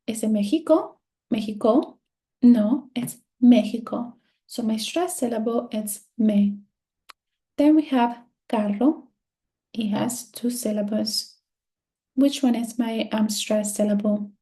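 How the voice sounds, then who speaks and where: A woman teaching a screen-share lesson, speaking slowly and patiently and repeating words to drill the stress. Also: a little high, dark tone. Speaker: Spanish teacher.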